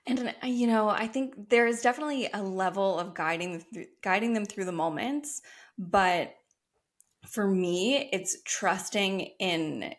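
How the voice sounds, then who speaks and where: A woman speaks as a guest on a podcast, in the thoughtful way a coach talks. Her voice has a middle pitch. She sounds encouraging and reflective, and she laughs easily as the chat goes on. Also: measured pace. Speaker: guest, brand strategist and coach. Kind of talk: casual interview chat.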